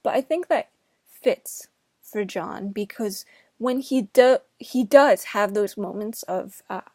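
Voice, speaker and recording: A woman's voice: mid-range voice, slow pace, darkish tone, no echo, clean studio sound. A woman in her twenties from New Jersey, giving a casual, rambling film review with chatty asides.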